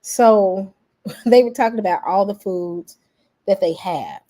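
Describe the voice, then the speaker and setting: Warm in tone and slow in pace, a mid-range female voice comes from an American vlogger. She gives a heartfelt opinion piece, leaning on folksy, casual slang and restating her points to drive them home.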